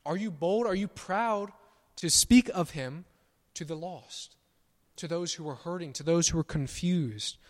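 A pastor preaching a sermon, emphatic on his declarations and softer on quiet asides. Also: a little high. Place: church sanctuary. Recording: long church reverb.

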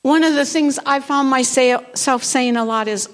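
A woman pastor preaching a sermon in a church, reading scripture aloud and building to forceful declarations. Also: high voice, normal speed, few pauses. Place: church sanctuary.

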